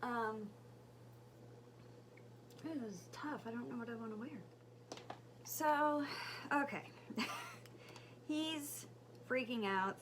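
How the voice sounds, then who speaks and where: A woman telling a story while doing her makeup, chatty and rambling, with fillers and soft asides. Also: on the high side, slow, long pauses, a little hiss or hum. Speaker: beauty vlogger and mother. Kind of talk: casual get-ready-with-me story chat.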